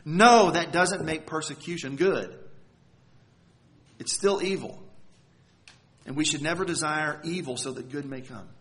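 Guy with a high voice preaching a sermon, earnest, hits key words hard. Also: a little slow, pauses often, a bit bright. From United States.

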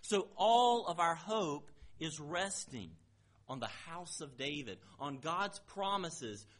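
A man preaching a sermon in a measured, emphatic way with deliberate phrasing. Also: fairly high pitch, animated, a bit bright. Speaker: pastor.

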